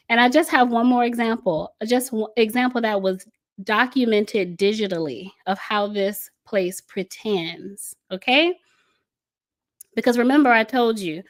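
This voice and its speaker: A woman hosting a casual commentary show, talking in an impassioned, scornful way and laughing often. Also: a little high. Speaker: podcast host.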